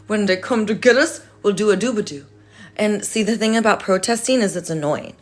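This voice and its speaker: A woman's voice: medium pitch, brisk. A woman vlogging in a rambling, playful rant that sometimes drops into a whisper. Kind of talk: casual rant to camera.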